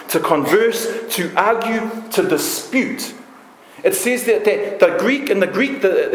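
Brief: New man, passionate sermon, high voice, reverberant church hall. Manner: passionate, emphatic preaching with list-like repetition. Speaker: preacher. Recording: echoey room.

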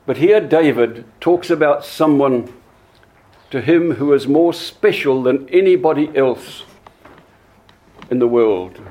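A man preaching a sermon, slow and deliberate, often repeating words as he searches for the next one. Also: mid-range voice, mellow.

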